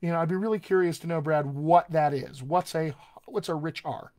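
Higher-voiced American man coaching live. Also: brisk, darkish tone. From United States. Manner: explanatory, reads out viewer questions and demonstrates mouth sounds. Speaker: dialect coach. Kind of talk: live online Q&A teaching.

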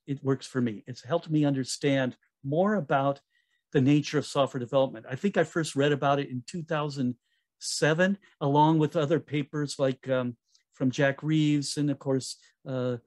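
A man giving a conference talk in a relaxed, conversational way, with fillers and self-corrections. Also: medium pitch. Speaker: conference speaker.

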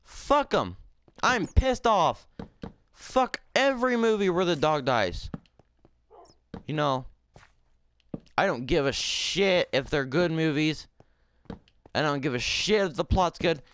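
A man giving casual gameplay commentary, swearing and shouting in frustration, then talking softly to his in-game pet. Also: on the high side, very animated, slow, pauses often, a little hiss or hum.

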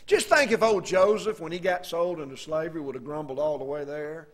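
A man preaching a sermon in a folksy way, asking the congregation questions and reading scripture slowly and emphatically. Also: a little high.

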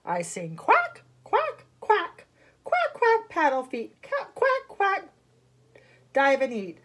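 A woman's voice: wildly swooping pitch, slow pace, a bit bright, heavily acted. A woman voicing a wacky pond duck in a sung children's storybook, with bouncy quacks. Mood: silly. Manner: bouncy quacking, leaps high and low.

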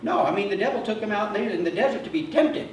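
A man with a high voice preaches to his congregation, talking plainly and checking in with a quick "okay?". He sounds set back from the mic, and the church rings with a strong echo under a faint hiss. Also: lively intonation. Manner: conversational preaching, often checks in with a short "okay?". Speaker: pastor. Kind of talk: sermon. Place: church sanctuary. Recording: echoey church sound heard from a distance with faint noise.

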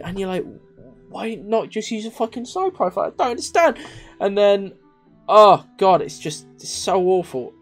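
A young man delivers an unscripted film review as a ranting, exasperated gaming host, swearing freely and throwing out rhetorical outbursts. His voice sits a little high for a man. Faint music plays quietly behind him. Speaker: video game channel host.

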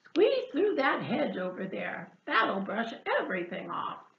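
A woman voicing a helpful male pig in a storybook read-aloud, pitched lower and snorting. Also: wildly swooping pitch, measured pace, creaky, recorded from a distance, slight background noise, full character voice. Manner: snorting, low. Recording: echoey room, dull lo-fi sound.

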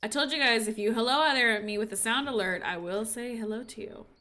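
Playing a life-simulation game on stream, a woman with a voice on the high side talks fast in casual commentary. She gets excitable and squeals gushingly over the animals, and she's a little sniffly.

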